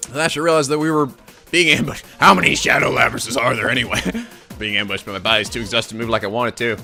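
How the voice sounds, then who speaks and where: A man hosting a let's play, reading the game's text aloud with animated, laughing asides. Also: medium pitch, quick pace, vocal fry, soft background music.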